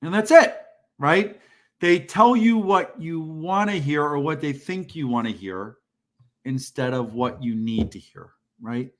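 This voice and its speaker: A man's voice: a little high, animated, a little slow. A man co-hosting a job-search livestream, talking casually and bluntly, saying plainly what he thinks people need to hear. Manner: blunt, direct, self-described band-aid ripper.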